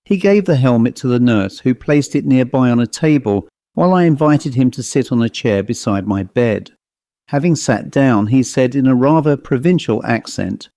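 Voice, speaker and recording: A man reading a ghost-story audiobook aloud as its first-person narrator, in a steady, measured way. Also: medium pitch, no room sound, clean studio sound.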